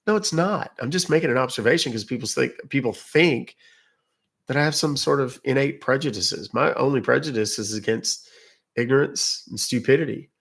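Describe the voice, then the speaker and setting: A man's voice: mid-range voice, normal speed, creaky, slightly rough. A man from England with a British accent, hosting a livestream and chatting loosely with viewers in a rambling, self-interrupting way. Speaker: livestream host. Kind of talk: casual livestream chat answering viewers.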